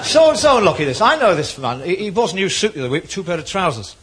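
A man telling jokes on stage in a stand-up routine, with quick punchlines and acted voices. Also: high-pitched, very animated. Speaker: comedian. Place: comedy club stage before a live audience. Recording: live club recording, noisy crowd laughter.

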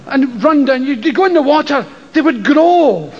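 Profane Scottish comedian, high animated voice. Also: male voice, moderate pace. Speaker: stand-up comedian. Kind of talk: stand-up comedy storytelling. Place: live comedy venue with an audience. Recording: lo-fi live show with crowd and noise.

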